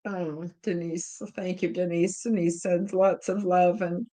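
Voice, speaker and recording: A woman's voice: on the low side, flat delivery, measured pace, dark tone. A woman hosting a podcast live chat, telling a personal story in a casual, rambling, openly emotional way with many fillers. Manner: rambling and heartfelt, many "you know" fillers. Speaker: podcast host.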